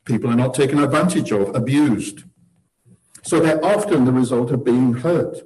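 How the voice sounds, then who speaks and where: A man's voice: mid-range voice, moderate pace, a little mellow, rough recording. A man giving a conversational sermon to a seated group, earnest and posing rhetorical questions with wry humor. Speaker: church teacher leading table discussion.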